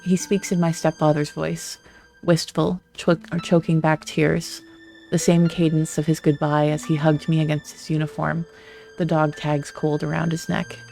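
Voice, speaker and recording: A streamer reads a visual novel aloud, with a gravelly, fry-tinged voice at a middling pitch. The delivery stays flat and even, broken by quick asides of their own. Soft music plays faintly underneath. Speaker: let's play streamer.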